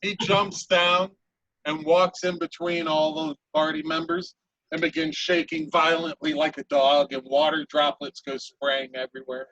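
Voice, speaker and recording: A man narrating a tabletop game as game master, in a playful, animated way. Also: on the high side, measured pace, gravelly, no room sound, dull audio.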